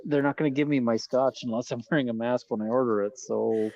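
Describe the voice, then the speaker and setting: A man chatting casually on a live stream by phone from a quiet corner of an airport bar, easygoing and hesitant. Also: medium pitch, fairly even intonation, fairly quick, no room sound, highs cut off. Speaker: lawyer guest on a live stream. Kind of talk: casual chat on a video call.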